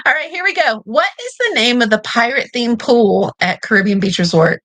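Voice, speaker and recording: A woman's voice: fairly high pitch, expressive, brisk, fairly bright tone, no echo, low-quality recording. A woman with a Kentucky accent hosting a live trivia game, playful and teasing, laughing often.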